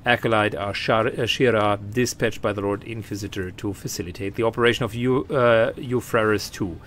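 A man's voice: fairly low pitch, steady tone, a bit bright, slight background noise, lightly acted. A man doing a haughty female acolyte. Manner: superior, quick, sardonic.

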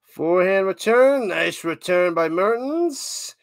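Excitable man calling tennis play-by-play. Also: sits high, slow pace, gravelly, no echo, studio quality. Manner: excitable, hums and chants between points. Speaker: live-reaction streamer doing play-by-play. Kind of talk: casual live play-by-play commentary.

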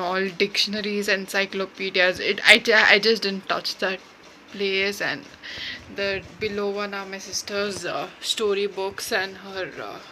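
A woman's voice: mid-range voice, bright, forceful tone, a little hiss or hum, poor audio. A young woman chatting casually in a vlog, rambling with lots of fillers and poking fun at herself. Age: young adult. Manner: rambling, filler-heavy, self-mocking. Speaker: vlogger. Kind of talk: casual vlog voice-over chat.

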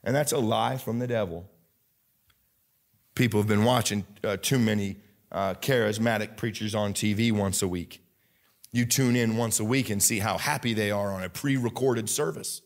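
Preaching with vocal fry and a Midwestern American accent, this male pastor shifts between quiet earnestness and loud, fervent outbursts. His delivery is halting, full of fillers and frequent restarts.

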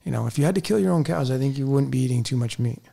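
A man's voice: medium pitch, expressive, very fast, vocal fry, warm tone. A man co-hosting a conversational interview, agreeable, often chiming in with affirmations. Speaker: co-host.

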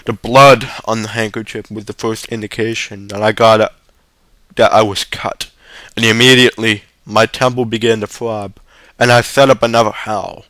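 A man reading a short story aloud, steady but stumbling now and then. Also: fairly low pitch, moderate pace, no echo. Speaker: reader.

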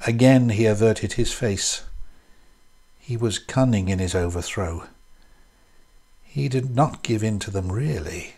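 Slow, low-voiced man reading a story. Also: darkish tone. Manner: measured, unhurried storytelling. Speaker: reader. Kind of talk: scripted narration of a classic short story.

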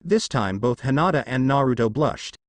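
A man reads a fan fiction story aloud in a plain, steady way, his pitch rising and falling with life. The recording sits close to the mic and is dry, with no room sound. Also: normal speed, no room sound. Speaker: narrator.

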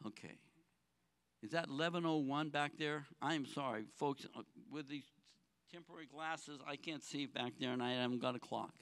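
High-voiced pastor preaching with earnest swings. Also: male voice, normal speed, smooth. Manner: earnest, with rhetorical questions to the congregation; swings between soft low phrases and raised, pressing ones. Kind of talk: sermon.

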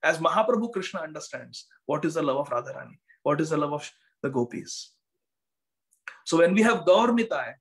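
A man delivering a devotional lecture over an online video call. His voice sits a little high for a man, and he tells the story in a steady teaching flow, circling back to repeat key phrases for emphasis. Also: poor audio. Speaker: guest speaker giving a devotional class.

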